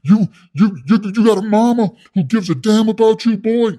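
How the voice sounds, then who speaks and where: A man doing a comic impression of a loud, boastful male prison coach who bosses people around. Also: a little high, normal speed, pitched above the performer's own voice, close to an everyday voice. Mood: bossy boasting. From California. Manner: loud, aggressive, boastful, calls others soft boy. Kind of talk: comedic impression.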